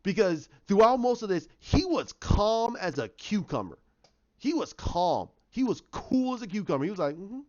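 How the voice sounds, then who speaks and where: A man reviewing a TV episode in a casual vlog, excitable and ranting, repeating himself as he makes his points. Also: high-pitched, moderate pace. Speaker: TV show reviewer. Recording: dull lo-fi sound.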